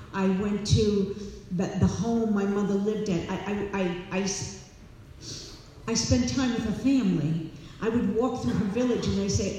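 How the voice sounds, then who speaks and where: A woman sharing her personal recovery story with an audience, warm and animated, laughing and repeating herself as she talks. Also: medium pitch, a little hiss or hum. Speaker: speaker at a recovery meeting. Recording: echoey hall, distant mic.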